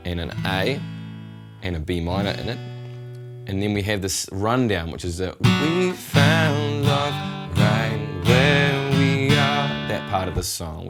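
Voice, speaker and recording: A man's voice: sits low, fairly quick. A middle-aged man giving a casual guitar lesson, patiently explaining and counting out strum rhythms. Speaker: guitar teacher. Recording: loud guitar behind voice. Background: acoustic guitar playing.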